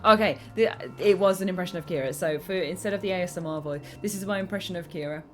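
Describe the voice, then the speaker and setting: A woman's voice: on the low side, quick pace, faint music behind. A British woman chatting casually on a live stream, reading comments aloud and making giggly asides.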